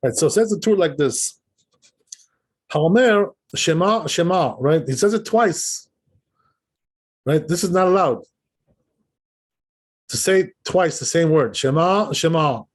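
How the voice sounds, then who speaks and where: A man's voice: high-pitched, lively intonation, a little slow, long pauses, husky. A man, a rabbi, giving an informal religious lesson, explaining as he goes and repeatedly checking in with "right?" and "you know?". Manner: demonstrates pronunciation aloud. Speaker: rabbi teaching a class.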